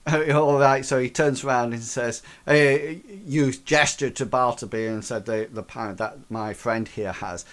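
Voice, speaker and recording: A man's voice: medium pitch, measured pace, few pauses, fairly bright tone. A man narrating as game master, with loose rambling phrasing and many fillers.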